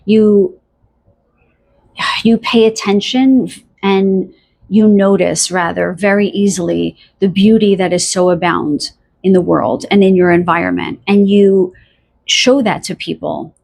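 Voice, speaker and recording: Woman, tarot reader, soft, dreamy, halting, fillers and restarts, speaking to the listener. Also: medium pitch, fairly even intonation, gravelly. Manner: addresses the listener directly. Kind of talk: pick-a-card tarot reading.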